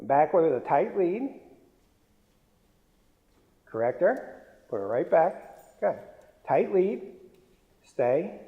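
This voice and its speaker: A man's voice: on the high side, very animated, very slow, long pauses, narrow, tinny audio. A man dog trainer giving a hands-on lesson, mixing short firm commands with cooing praise for the dogs. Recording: long reverb, roomy hall.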